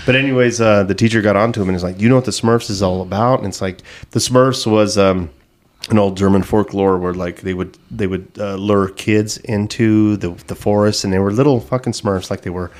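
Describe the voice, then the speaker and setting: Man, low voice, comedy podcast host, casual banter, profane, rambling. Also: a little fast. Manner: loose, profane, rambling storytelling.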